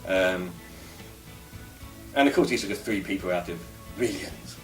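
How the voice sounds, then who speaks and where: An English vlogger muses to camera in a rambling, opinionated casual monologue, his low voice expressive and a little slow. Faint music plays behind him, and the recording sounds distant with a roomy echo.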